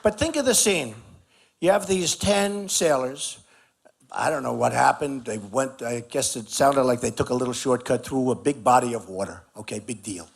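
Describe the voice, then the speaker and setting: A man's voice: mid-range voice, normal speed, creaky, slightly rough. A man giving a campaign rally speech at an outdoor barbecue, talking emphatically and repeating his points. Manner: repetitive, emphatic, conversational riffing. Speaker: political candidate speaking at a rally.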